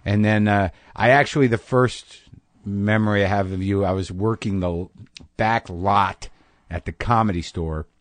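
A man hosting a podcast, chatting casually with his guest, with self-deprecating humor and quick asides. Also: fairly low pitch, fairly even intonation, no room sound. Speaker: podcast host. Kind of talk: casual interview chat.

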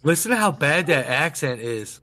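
A man's voice: a little high, sing-song, normal speed, bright, forceful tone. A man co-hosting a casual movie watch-along podcast, blunt and swearing freely. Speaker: podcast co-host.

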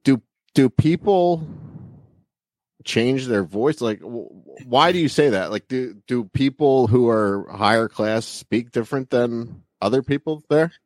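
A man hosting a podcast who asks casual interview questions in a hesitant, halting way. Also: medium pitch, animated, a little mellow, no echo. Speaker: podcast host.

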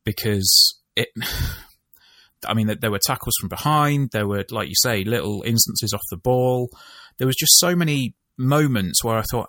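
A man co-hosting a casual football podcast, telling match stories in an animated, exasperated way. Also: medium pitch, unhurried, no room sound. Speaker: podcast co-host.

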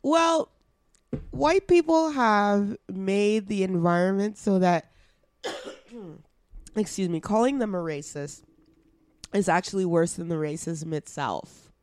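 A woman's voice: medium pitch, slow pace, long pauses, a little mellow. A woman co-hosting a podcast, ranting bluntly and swearing freely in casual chat. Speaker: podcast co-host.

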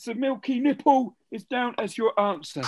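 A woman hosts a relaxed quiz, quick to tease and joke crudely with the players. Her voice sits high. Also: no room sound. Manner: teasing, bawdy, laughing quizmaster. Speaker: quiz host. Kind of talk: casual podcast quiz banter.

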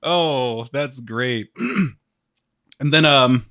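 A man's voice: medium pitch, sharp tone. A man in casual conversation, retelling movie scenes, laughing often and acting out characters' lines. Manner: laughs often, acts out lines in quick quotes.

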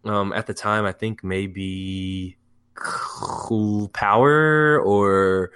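Rambling young man, low voice. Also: extremely slow, clear, resonant tone. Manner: rambling, filler-heavy, excitable storytelling. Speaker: music producer guest. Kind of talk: casual podcast interview.

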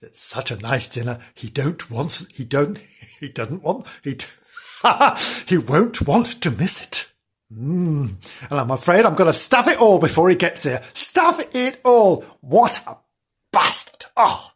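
A man voices a slow-witted, chatty creature from a silly storybook who rambles and trips over his words. The voice is husky and lively, quick in places. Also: on the high side, full character voice. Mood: rambling. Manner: rambling, greedy. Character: dim, chatty male animal.

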